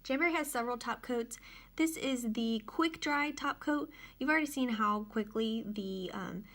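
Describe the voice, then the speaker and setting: This nail tutorial host has a fairly bright, high-sitting voice and talks at normal speed. Working in her dining room, she chats without hurry and explains every step in a casual home demonstration.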